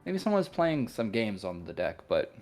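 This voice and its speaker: A man's voice: on the low side, sing-song, normal speed, a little mellow, faint music behind. A man narrating as game master of a tabletop role-playing session, easygoing and full of fillers.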